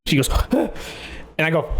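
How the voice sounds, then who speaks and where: A man hosting a podcast, telling a story in casual chat, acting out both voices, swearing and laughing loudly. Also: mid-range voice, heavy background noise. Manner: swears casually, says "like" often. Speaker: podcast host.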